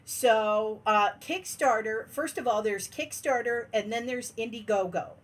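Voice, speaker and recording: A woman's voice: fairly high pitch, unhurried. A woman hosting a casual livestream from her den at home, bubbly and laughing often as she greets viewers one by one. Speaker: livestream host.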